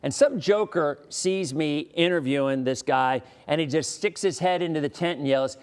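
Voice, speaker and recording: A man's voice: on the high side, normal speed, clear, resonant tone. A man with an American accent hosting a casual interview show, a weather presenter who rambles, restarts and tells stories with chuckles.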